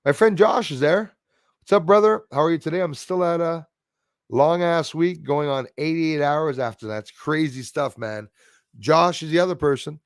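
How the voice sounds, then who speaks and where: A man's voice: a little high, normal speed, no echo, studio quality. A man hosting a casual livestream chat, rambling and reading out viewer comments. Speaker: livestream host.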